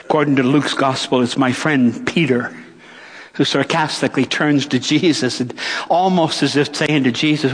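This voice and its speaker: A middle-aged male pastor preaching a sermon, with dramatic pauses and rhetorical questions. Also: medium pitch, slightly rough. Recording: long church reverb.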